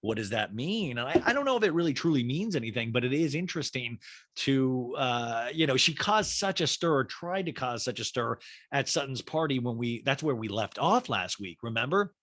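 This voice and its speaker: A man hosting a podcast, recapping a reality show in a chatty, gossipy, animated way. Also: mid-range voice, fairly quick, dry recording, clean studio sound. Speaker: podcast host. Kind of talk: casual TV recap chat.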